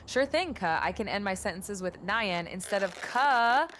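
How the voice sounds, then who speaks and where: A woman's voice: mid-range voice, lively intonation, moderate pace, fairly bright tone, a little hiss or hum, close to an everyday voice. A woman voicing a perky, catlike female AI chatbot, reading its replies aloud in a sing-song way on a live stream. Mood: bubbly. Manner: sing-song, tacks a cute tag onto every sentence.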